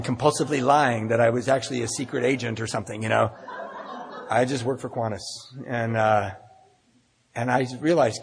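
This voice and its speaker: Husky man telling his story in a hall. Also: medium pitch. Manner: storytelling, self-mocking humor, acts out dialogue. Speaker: AA speaker. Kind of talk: personal recovery talk at a meeting. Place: meeting hall. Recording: husky voice in a long-reverb hall.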